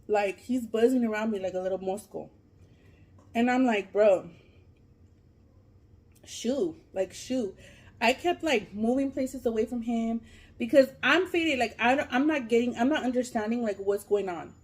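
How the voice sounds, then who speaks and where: A woman's voice: on the high side, normal speed. Chatty lady doing a mukbang, rambling story, swears a lot, lots of um and like. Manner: animated, profane, lots of fillers. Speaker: mukbang vlogger. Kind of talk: casual storytelling while eating.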